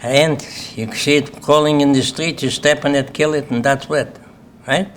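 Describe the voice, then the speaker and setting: In a symposium hall, an older Lithuanian-accented man, a Holocaust survivor from Lithuania, tells his story plainly to the audience, frequently adding "okay?". His voice is fairly high with fairly even intonation and a moderate pace, and there's slight hiss or hum.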